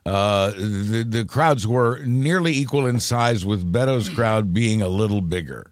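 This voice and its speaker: A man with a low voice, a radio news guest chatting about politics. His remarks are dry and wry, delivered steadily. The sound is close and dry, with no room around it. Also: unhurried, no echo. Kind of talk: casual political talk.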